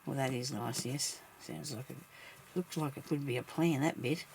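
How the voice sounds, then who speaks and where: A woman's voice: extremely low pitch, normal speed, gravelly, a little mellow, a little hiss or hum. A woman vlogging as she crafts, chatting casually and thinking aloud, laughing often at herself.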